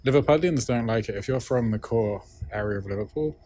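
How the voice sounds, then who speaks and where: A man's voice: mid-range voice, a little fast, mellow. A man being interviewed, explaining with frequent "right?" checks. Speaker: linguist interviewee. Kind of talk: conference interview.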